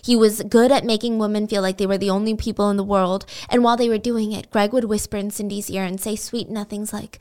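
A woman hosting a podcast, telling a true-crime story in casual, animated storytelling and acting out the people in it. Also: mid-range voice, quick pace, few pauses. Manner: animated, expressive, acts out quotes. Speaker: podcast host.

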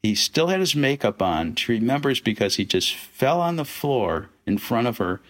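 A man's voice: medium pitch, moderate pace. A man, a film director, telling anecdotes as a guest in a casual interview. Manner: animated anecdotes with acted-out quotes.

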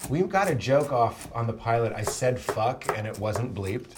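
Brief: male comic guest, animated teasing delivery, kitchen, background noise and clicks. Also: mid-range voice. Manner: playful, teasing, quick to riff. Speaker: guest comedian. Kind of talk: casual comedy chat. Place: home kitchen.

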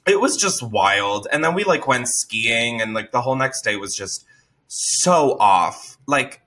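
A young man hosting a podcast, telling a story casually in an animated way, swearing and laughing often. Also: medium pitch, measured pace, a little hiss or hum. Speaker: podcast host.

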